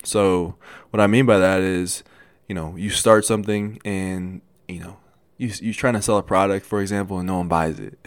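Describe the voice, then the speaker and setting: A man's voice: deep voice, steady tone, moderate pace, smooth, no echo, clean studio sound. A young man hosting a solo podcast, talking earnestly and casually to listeners, with frequent restarts and small stutters. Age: young adult. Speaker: podcast host. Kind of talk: motivational solo podcast talk.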